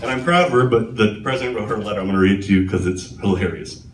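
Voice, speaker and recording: A man's voice: on the low side, racing. A man doing a live stand-up set on a comedy club stage, with a sardonic, self-deprecating delivery, recorded from a distance in an echoey club.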